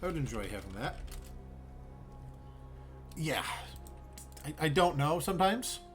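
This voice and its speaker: A man's voice: on the high side, very animated, a little slow, soft background music. A man streaming a zoo-building game, musing aloud in a bemused, rambling way and swearing freely. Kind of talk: casual gameplay commentary.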